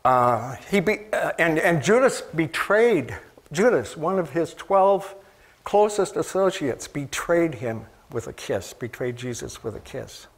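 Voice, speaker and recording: A man preaching a sermon in a conversational way, asking the listeners questions and often pausing with fillers and restarts. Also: a little high, big pitch swings.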